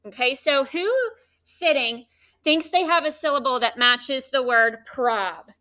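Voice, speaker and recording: A woman teaching a third grade class in a classroom, leading call-and-response phonics drills with animated, coaxing questions. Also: high-pitched, measured pace.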